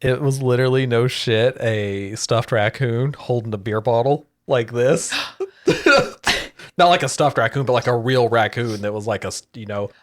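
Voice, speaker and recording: A woman's voice: extremely low pitch, normal speed. Laid-back woman co-host. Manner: laid-back, short agreeing replies. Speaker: podcast co-host. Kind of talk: casual chat.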